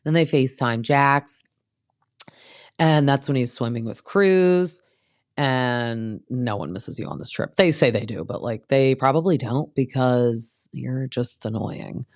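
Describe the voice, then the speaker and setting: A woman's voice: rumbling low, expressive, measured pace, darkish tone, no room sound, clean studio sound. A woman hosting a podcast, recapping a reality show in a chatty, gossipy way, full of "like" and "um". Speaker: podcast host. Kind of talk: casual recap commentary.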